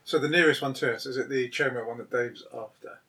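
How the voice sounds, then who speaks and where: A man's voice: medium pitch, quick pace, pushed and bright, breathy edge. A man playing a tabletop game, working through the rules step by step. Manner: methodical, checks rules step by step. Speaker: player. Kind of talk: casual chat at a game table.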